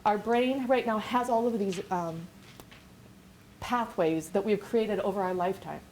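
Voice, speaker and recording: A woman business coach giving an energetic, rambling workshop lecture with many restarts. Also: medium pitch, a little slow, slight background noise, low-quality recording.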